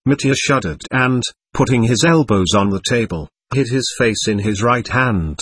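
A man narrating an audiobook in a steady, literary reading style. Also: mid-range voice, normal speed, slightly rough, no room sound.

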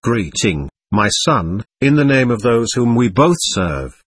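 Solemn old graybeard, slow and ritual-like, kinda husky, man doing it. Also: mid-range voice, sing-song, no room sound. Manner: solemn, measured, ritual phrasing. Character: venerable white-bearded old man, calm and grave.

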